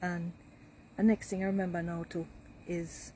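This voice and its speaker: A woman's voice: on the low side, little pitch movement, normal speed, mellow, slight background noise, low-quality recording. A woman with a Jamaican accent, from Jamaica, casually telling stories about growing up there. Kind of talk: casual storytelling.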